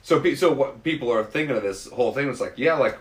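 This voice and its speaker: A man's voice: mid-range voice, expressive, fast. A man talking casually in a rambling, opinionated way, like a podcast host. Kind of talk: casual conversation. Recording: roomy echo.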